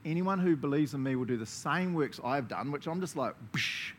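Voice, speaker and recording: A man with a New Zealand accent preaching a lively sermon to a congregation, laughing often and acting out the voices he quotes. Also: on the high side, a little fast, a little hiss or hum.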